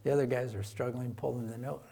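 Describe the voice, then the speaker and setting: A man's voice: medium pitch, steady tone, quick pace, gravelly, slightly rough. Man preaching in a conversational storytelling way. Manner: conversational storytelling, rising loud for emphasis and dropping soft. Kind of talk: sermon retelling a Bible story.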